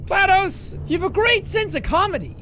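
A man doing loud, goofy commentary while playing a game, excitable and prone to shouting. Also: very high voice, normal speed. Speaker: gaming commentator. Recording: game audio and music behind.

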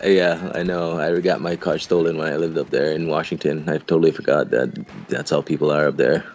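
A man's voice: rumbling low, level tone, fairly quick, darkish tone, muffled recording. A young man being interviewed, telling long rambling stories in a casual, profane, laughing way. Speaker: interviewed clan member. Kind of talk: casual storytelling chat.

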